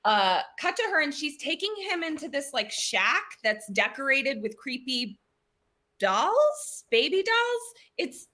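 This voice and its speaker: A woman hosting a comedic livestream who recaps a horror episode as an animated, giggly storyteller and quizzes her guests. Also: high-pitched, unhurried. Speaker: host running a horror story game.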